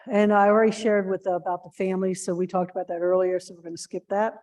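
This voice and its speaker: A woman's voice: mid-range voice, level tone, fast, darkish tone. A woman giving earnest training to shelter volunteers, with plenty of fillers and restarts. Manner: acts out example phrases in a lifted voice.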